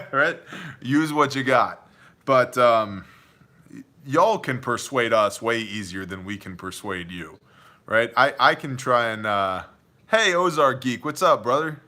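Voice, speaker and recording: A man with a bright, forceful voice hosts a casual livestream Q&A. He jokes around and keeps things chummy, calling viewers "brother" and "man". His talk is loose, with plenty of restarts. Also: mid-range voice, lively intonation, slow pace. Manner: joking, chummy, addresses chatters as man and brother. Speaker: livestream host answering viewer questions. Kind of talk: casual live Q&A chat.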